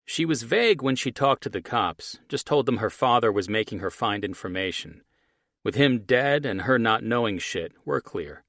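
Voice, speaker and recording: A man's voice: mid-range voice, lively intonation, moderate pace, fairly bright tone, no room sound, studio quality, voice pushed up. A man voicing a scheming male character who talks on the phone in a clipped, businesslike way. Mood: tense.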